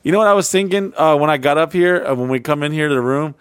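A man co-hosting a podcast in casual, profane banter, rambling with restarts and sudden loud impressions. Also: fairly high pitch, fast talker, smooth, dry recording, studio quality. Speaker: podcast co-host.

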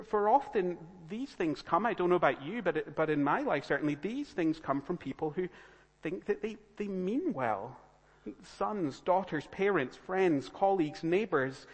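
Earnest preacher in a reverberant hall. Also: male voice, on the high side. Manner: earnest, rising to urgent appeals. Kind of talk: sermon. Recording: long reverb of a church hall.

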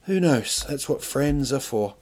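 A man's voice: medium pitch, lively intonation, unhurried, darkish tone. Rambling, self-mocking male podcast host. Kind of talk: comic storytelling monologue.

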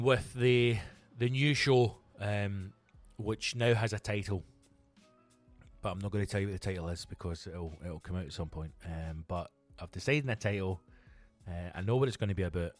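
A Scottish comedian with a fairly low voice chats casually on his own solo podcast, with no echo. His talk rambles, is full of swearing, and has lots of restarts.

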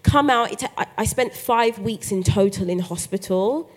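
Speaking at a normal pace in a medium pitch, a woman tells her story as a guest author during a live podcast interview on a festival stage. She brings the account to life by acting out the voices of others.

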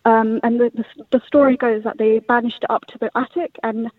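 A man's voice: extremely high pitch, flat delivery, a little fast, no room sound. A man telling a family ghost story on a radio show, rambling with many fillers and restarts, over a tinny phone line. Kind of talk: casual storytelling. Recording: tinny phone-like dry sound.

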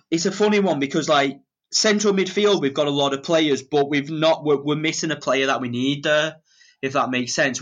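A man's voice: mid-range voice, a bit bright, lo-fi sound. A man, a podcast guest, talking football casually, hesitating and often asking if he makes sense. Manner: hesitant, many fillers and restarts, checks in with listeners.

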